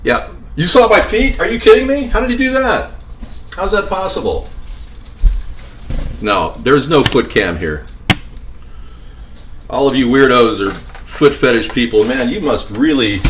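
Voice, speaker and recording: A man's voice: mid-range voice, fairly bright tone, recorded from a distance, a little hiss or hum. Rambling jokey man in a roomy kitchen. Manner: rambling, jokey, talks to viewers while cooking. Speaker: home cooking vlogger. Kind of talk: rambling comedic cooking vlog. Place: home kitchen. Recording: roomy, off-mic with faint ambience.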